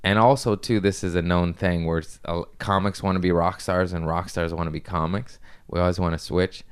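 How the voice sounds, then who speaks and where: A man hosting a casual podcast, telling loose, profane stories and acting out quotes with a lively voice. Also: low voice, a little fast, clear, resonant tone. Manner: loose storytelling, swearing, lively impressions in quotes. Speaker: comedian podcast host. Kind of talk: casual chat.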